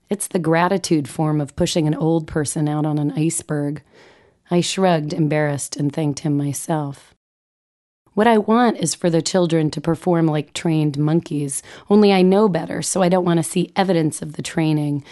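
A woman reads her own personal essay about her family in a low, mellow voice. Her tone is wry and self-mocking, and she lingers playfully over the comic turns of phrase. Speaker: mother of two narrating her own essay. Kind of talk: reading a personal essay aloud.

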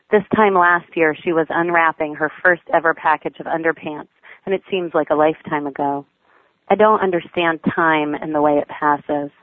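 A woman's voice: sits low, dry recording. A mother reading aloud her personal diary essay in a wry, affectionate, plain manner. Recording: tinny phone-like line, dry.

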